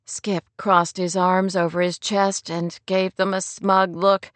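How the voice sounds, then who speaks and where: A woman reading a novel aloud in a gentle, measured style at a middle pitch. The recording is dry and close, with no room sound. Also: flat delivery, no echo. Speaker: audiobook narrator. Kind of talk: scripted narration.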